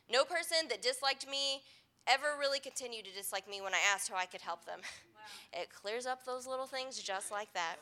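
Woman pastor, young adult, high bright voice, earnest conversational sermon delivery. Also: brisk.

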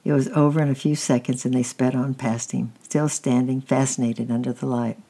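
A reader gently reading a children's chapter book aloud, with small slips and restarts. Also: mid-range voice, flat delivery, fairly quick, husky. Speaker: storybook reader.

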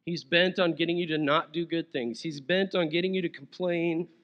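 A man's voice: a little high, fairly even intonation, normal speed, lo-fi sound. A man preaching a sermon as pastor, conversational and playful, chuckling now and then.

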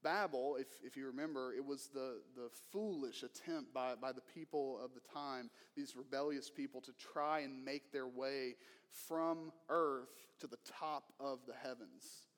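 A male pastor preaching a sermon in an earnest way, moving between emphatic lines and hushed ones. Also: medium pitch, unhurried, hardly any pauses, big-room sound.

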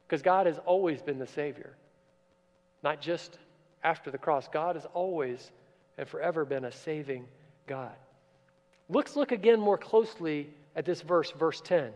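High-voiced guy preaching, gets loud then drops real quiet, church echo trailing off. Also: lo-fi sound. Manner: expressive, swings from loud emphasis to quiet asides. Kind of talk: sermon. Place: church sanctuary. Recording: church with long reverb.

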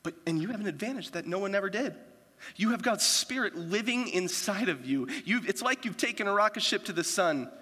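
A man with a fairly high, bright and forceful voice preaches to his church. He talks casually, telling stories and acting out little quoted asides. His voice rings out with a long reverb in a large church hall. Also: lively intonation, fairly quick, husky. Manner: conversational, storytelling with quoted asides. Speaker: pastor. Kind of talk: sermon.

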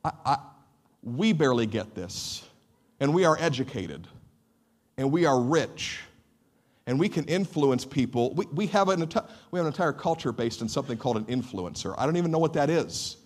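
A man preaching a sermon with animated emphasis and frequent repeated words. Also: medium pitch, normal speed. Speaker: pastor.

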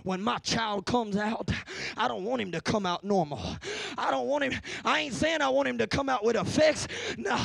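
Gravelly, shouting male preacher. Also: extremely high pitch, no echo. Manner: shouting, rhythmic call-and-response preaching; drops to a hushed near-whisper in slow passages. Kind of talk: sermon.

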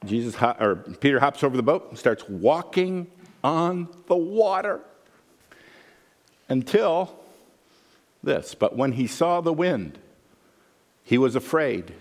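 A man preaching a sermon as pastor, animated and humorous, acting out the voices he quotes. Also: medium pitch, slow, pauses often, in a large hall.

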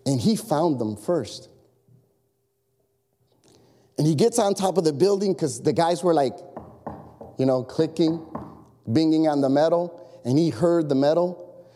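Animated pastor preaching in a big echoing hall. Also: male voice, a little high, moderate pace. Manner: animated, repetitive exhortation with asides. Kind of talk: sermon. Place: church sanctuary. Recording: long echo of a large hall.

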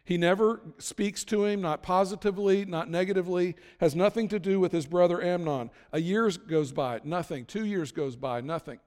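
High-voiced man preaching in a reverberant hall. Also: normal speed, few pauses, darkish tone. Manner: casual retelling with acted-out quotes. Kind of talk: sermon storytelling.

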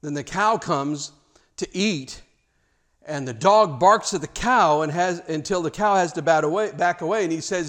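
A man's voice: a little high, normal speed, a bit bright. A man preaching a sermon, emphatic, with rhetorical questions and repeated words.

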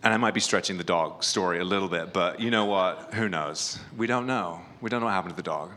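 A man's voice: deep voice, quick pace, sharp tone, slight background noise. A man giving a conversational sermon at a church retreat, telling personal stories with a self-deprecating, humorous touch and plenty of fillers. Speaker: pastor.

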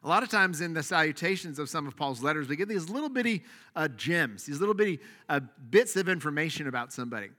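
A man preaching a sermon, leading a soft prayer and then teaching in a casual, animated way with asides. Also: a little high, fast talker, long reverb tail. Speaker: pastor.

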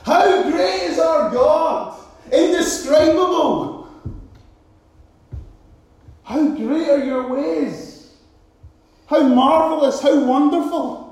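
A man voicing an overjoyed healed leper, shouting praise in a sermon, recorded in a very echoey hall. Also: extremely high pitch, extremely slow, long pauses, far from the mic, voice pushed up, heavily acted. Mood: exultant.

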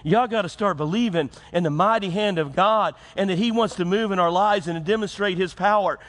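A man's voice: sits high, a little fast. A man preaching a folksy sermon to his congregation. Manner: folksy, preacherly, with acted-out quotes and rising emphasis. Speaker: pastor. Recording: loud music behind. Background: loud music.

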